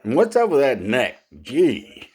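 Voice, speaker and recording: A man's voice: mid-range voice, wildly swooping pitch, slow, a little mellow, slightly rough, voice pushed up, full character voice. A man doing a proud, boastful male lion king in a stand-up bit, strutting and self-important. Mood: mocking.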